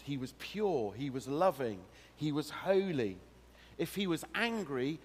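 A man preaching a sermon to a congregation, acting out a story with animated, direct address. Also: a little high. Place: church hall. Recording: long hall reverb.

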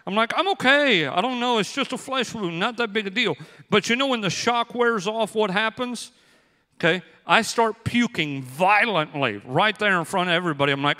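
Male pastor, bright high voice, lively storytelling sermon, long hall reverb. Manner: animated storytelling with acted-out quotes.

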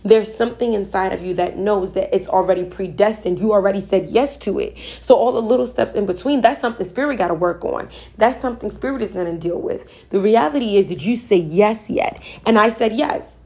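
A woman telling a personal spiritual story, her voice at a middle pitch. She speaks earnestly and emphatically in a loose conversational way, circling back and repeating words for effect. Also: a little fast, hardly any pauses, a little mellow. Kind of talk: personal storytelling about manifesting.

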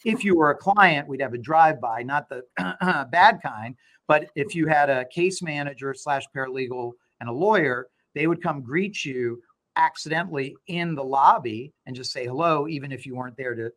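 A middle-aged man, a law firm owner, talking as an interview guest and telling stories with animated, acted-out dialogue. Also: a little high, moderate pace. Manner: animated storyteller, acts out quoted dialogue. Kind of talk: conversational interview.

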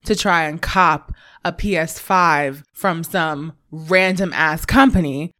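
Chatty New woman with a braces lisp. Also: fairly low pitch. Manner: laughs often, animated storytelling. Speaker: podcast co-host. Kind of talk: casual chat.

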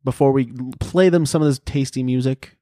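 A man's voice: medium pitch, a little fast, warm tone, no room sound, studio quality. A man hosting a podcast in casual chat, joking around and swearing a lot. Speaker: podcast host. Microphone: podcast microphone.

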